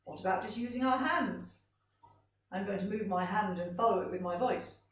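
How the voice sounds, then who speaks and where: Gentle sing-song woman teaching in a roomy space. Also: medium pitch, moderate pace, distant mic. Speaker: music teacher. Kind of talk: children's vocal warm-up lesson. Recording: roomy sound from off-mic.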